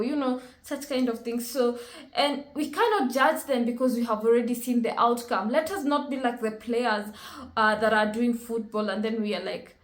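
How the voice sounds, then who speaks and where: Reaction host, woman, higher register, emotional and exclamatory, roomy echo. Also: normal speed. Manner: emotional, exclaims often, thinks aloud. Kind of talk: casual reaction commentary. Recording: roomy echo with faint music.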